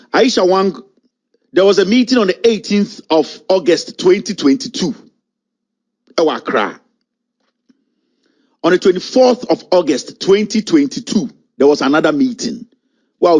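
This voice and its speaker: A man with a Ghanaian accent delivers furious political commentary in a high-pitched voice. He mocks and berates, hammering each point with emphasis and slipping between English and Twi. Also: darkish tone. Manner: angry, mocking and emphatic, mixing English with Twi.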